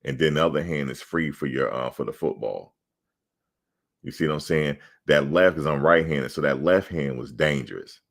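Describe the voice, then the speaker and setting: Very deep-voiced middle-aged man, loud, profane, animated storyteller, casual sports chat. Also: moderate pace, creaky. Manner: loud, emphatic, profane, acts out quoted exchanges. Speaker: sports show host.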